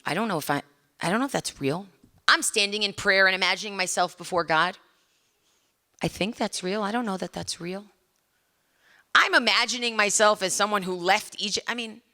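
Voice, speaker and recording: Animated woman lecturing a room. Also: mid-range voice. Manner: conversational, asks the audience questions; animated, acts out little scenes. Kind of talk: academic lecture to a live audience.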